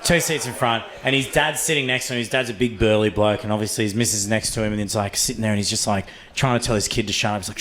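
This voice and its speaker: A young Australian man performing a stand-up routine on a comedy club stage, telling stories in a crude, animated way full of swearing. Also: fairly low pitch, fast talker, few pauses, slight background noise.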